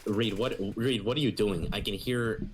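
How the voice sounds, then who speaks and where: A young man on a podcast, casually telling an animated story and swearing freely. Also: fairly low pitch, normal speed, noisy background. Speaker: podcast co-host.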